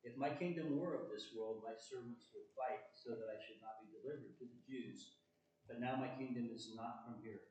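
A man reading the calm, solemn words of a male teacher in scripture, in a plain, measured way. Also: medium pitch, a little hiss or hum, close to an everyday voice. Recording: very echoey room, far from mic.

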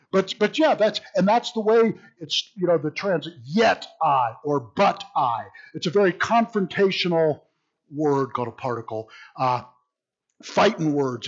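A man leads a Bible study with a somewhat high, husky voice that swings widely in pitch. His delivery is animated and sardonic, full of wry asides. The recording is dull and lo-fi. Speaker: Bible teacher.

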